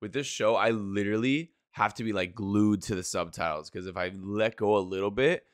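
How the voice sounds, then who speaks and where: A young man with a fairly low voice talks a little fast, reacting casually and live to an anime as he watches. He swears a lot and keeps dropping "bro" and "like." The recording is dry and studio quality.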